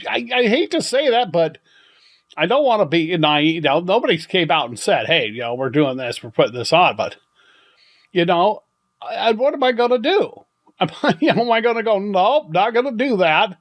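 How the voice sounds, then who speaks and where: An older man hosting a podcast, telling a story in a rambling, halting way with many restarts and chuckles. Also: fairly high pitch. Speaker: podcast host. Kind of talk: casual storytelling monologue.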